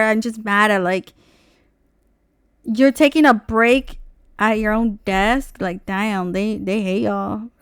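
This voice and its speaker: A young woman vlogger telling a story in an exasperated, profane, animated rant. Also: mid-range voice, takes it slowly, smooth, no room sound, studio quality.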